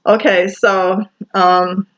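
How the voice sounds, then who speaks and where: A woman's voice: medium pitch, level tone, very slow, fairly bright tone. A woman from Michigan talking alone in her apartment at night, rambling through many fillers and restarts. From Michigan, USA. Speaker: vlogger. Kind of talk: rambling casual monologue. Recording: muffled lo-fi home recording.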